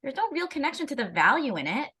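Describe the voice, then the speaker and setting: Animated, bright-voiced woman talking parenting. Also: sits high, fast talker. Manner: animated, restarts often, laughs while talking. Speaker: parenting educator. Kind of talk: casual conversation.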